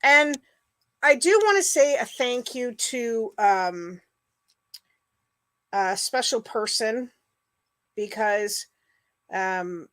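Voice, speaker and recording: A woman's voice: on the high side, lively intonation, extremely slow, pauses often, fairly bright tone, no room sound. A middle-aged woman hosting a casual livestream, rambling with fillers and greeting viewers by name. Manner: chatty, rambling, full of fillers. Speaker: livestream host. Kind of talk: casual chat with live viewers.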